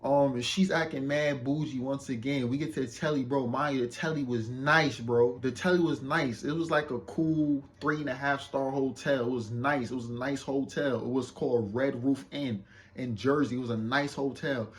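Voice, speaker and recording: At a moderate pace and medium pitch, a young vlogger recounts a casual storytime for viewers, loose, slangy, and boastful. He keeps checking in with whoever's listening, then gets loud and excited recounting an argument.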